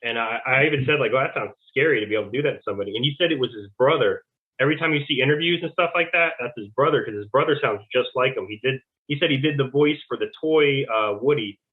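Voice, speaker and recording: A man's voice: mid-range voice, fast talker. A man giving rambling casual testimony as an interview guest, acting out quoted back-and-forth conversations. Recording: tinny phone-like line.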